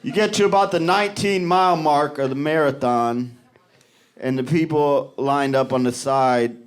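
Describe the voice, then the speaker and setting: A male stand-up comedian performing a live set, animated and jumping into high shouted voices for the people in his stories. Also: moderate pace, clean tone. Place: comedy club stage before a live audience. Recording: live club recording with loud crowd laughter. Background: audience laughter.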